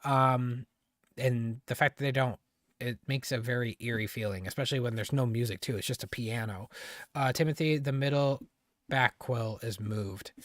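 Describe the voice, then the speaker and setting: A live streamer in casual chat with viewers, excitable, laughing often and teasing the chat. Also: mid-range voice, normal speed, no room sound, clean studio sound.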